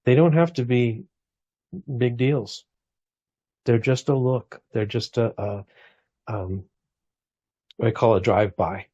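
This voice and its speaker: A man's voice: mid-range voice, takes it slowly, pauses often, husky, dry recording, lo-fi sound. A man in his forties talking reflectively in a casual conversation, full of restarts and small asides. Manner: reflective, warm storytelling with frequent restarts.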